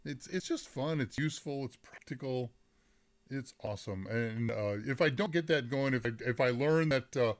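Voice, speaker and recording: A middle-aged man with a mid-range voice speaks at normal speed while hosting a live tech Q&A stream from his desk microphone. He chats and rambles casually, often stopping mid-sentence to start over, reading viewers' chat aloud and laughing along the way.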